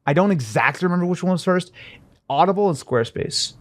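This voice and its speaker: A man's voice: high voice, animated, fast, no echo. Rambling young man from Missouri. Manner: rambling, self-deprecating, many fillers and restarts. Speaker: interview guest, YouTuber. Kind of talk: casual interview chat.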